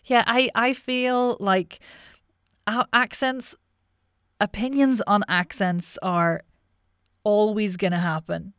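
A woman's voice: mid-range voice, fairly even intonation, slow pace, pauses often, fairly bright tone, clear, resonant tone, dry recording, studio quality. A woman guest who coaches accents, talking casually and frankly, thinking aloud as she goes. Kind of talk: casual interview talk.

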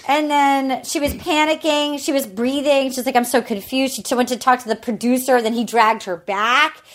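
High-voiced woman retelling a story. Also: normal speed. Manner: animated retelling, acting out quoted lines. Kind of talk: casual chat recapping a reality show.

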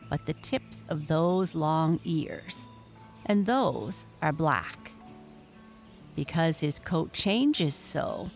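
A woman's voice: fairly low pitch, darkish tone. A woman voicing an earnest young male rabbit pupil who recites carefully.

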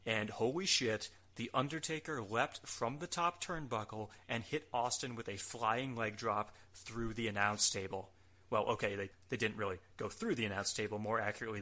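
Man, podcast host, bright forceful tone, mid pitch, casual recap, wry jokes, light swearing. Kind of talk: casual recap narration of a wrestling show.

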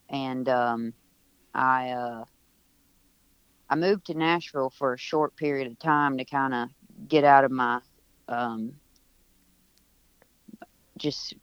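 Smooth-voiced man telling a rambling story. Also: mid-range voice, a bit bright, no echo, lo-fi sound. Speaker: musician guest. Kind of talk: casual remote interview. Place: at home.

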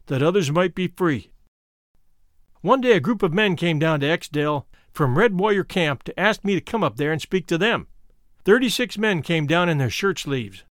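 Male audiobook narrator, high and animated, close dry sound, expressive memoir read. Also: dry recording. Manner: expressive storytelling reading, voicing quoted speakers. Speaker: audiobook reader.

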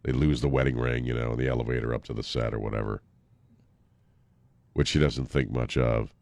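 Deep-voiced laid-back radio host man. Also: fairly even intonation, fairly quick, darkish tone, dry recording. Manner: laid-back, joking, laughs often. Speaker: radio talk show host. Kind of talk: casual talk radio banter. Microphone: studio mic.

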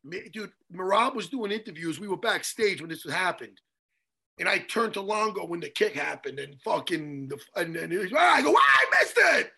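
A man's voice: sits high, moderate pace, vocal fry, husky. A man in a casual chat who swears freely, tells stories and teases his friends. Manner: profane, animated, joking.

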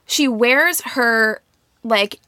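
A woman's voice: fairly high pitch, very slow, pushed and bright, no room sound, studio quality. A young woman co-hosting a podcast, chatting casually with lots of "like" and restarts. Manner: chatty, many likes and restarts. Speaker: podcast co-host.

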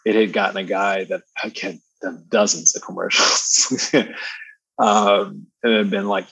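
A man with a baritone voice chatting as a podcast guest, slangy and laid-back, laughing often. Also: steady tone, measured pace, vocal fry, fairly bright tone, slightly rough, no echo, low-quality recording. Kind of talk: casual conversational storytelling.

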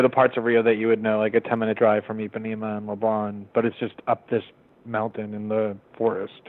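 A man speaking as an interview guest from home, thoughtful and hesitant, talking in a conversational way. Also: medium pitch. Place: home in a forested hillside area. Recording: tinny phone-like line.

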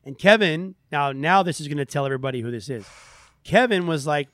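Man host, higher voice, lively storytelling, dry close sound. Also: a little fast, no room sound. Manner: animated, acts out quoted voices. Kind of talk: casual storytelling chat.

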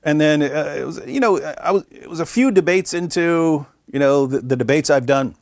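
A middle-aged man, a guest in an interview, telling a story in a relaxed, chatty way and briefly acting out the voices of people he quotes. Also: a little high, moderate pace, no echo, studio quality. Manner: animated, acts out quoted voices. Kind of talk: conversational storytelling.

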